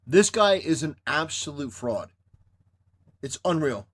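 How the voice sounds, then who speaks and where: A man's voice: on the high side, very animated, slow, husky. A man reacting to clips with scornful, sarcastic commentary. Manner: scornful and sarcastic, insulting, mock cheering. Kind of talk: mocking commentary.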